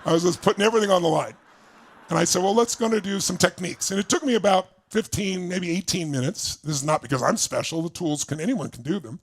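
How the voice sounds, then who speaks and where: Older male motivational speaker with a raspy edge, lively and audience-engaging. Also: high voice, fast. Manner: animated, asks the audience questions, laughs often. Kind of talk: storytelling seminar talk.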